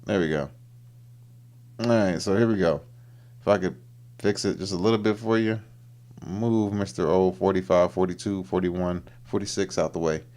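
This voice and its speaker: A man's voice: deep voice, moderate pace, long pauses. A man hosting a livestream, chatting casually as he reacts to videos. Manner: animated, voices the people on screen in put-on lines.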